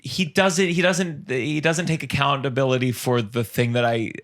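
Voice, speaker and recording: A man hosting a podcast in casual chat, asking quick follow-up questions and tossing in jokey reactions. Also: mid-range voice, fairly even intonation, a bit bright. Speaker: podcast host.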